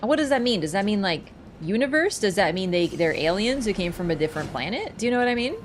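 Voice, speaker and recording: A young adult woman chatting casually and teasing her chat while live-streaming a video game, thinking out loud with lots of fillers. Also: medium pitch, sing-song, fast talker, a little hiss or hum. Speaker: gaming streamer.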